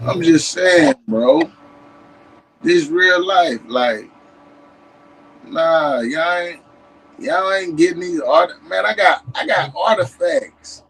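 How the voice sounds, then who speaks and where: A man with a Tennessee accent showing off maps and artifacts in a casual vlog, animated and emphatic, breaking into shouts. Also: a little high, slow pace, vocal fry, long pauses, slightly rough, low-quality recording. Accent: Southern US, Tennessee. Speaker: history vlogger. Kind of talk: excited casual show-and-tell.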